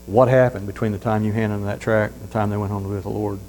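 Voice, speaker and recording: A man preaching a sermon, telling folksy stories that swing from loud emphatic points to hushed asides. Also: on the low side, level tone, quick pace, rough recording. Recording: faint mains hum.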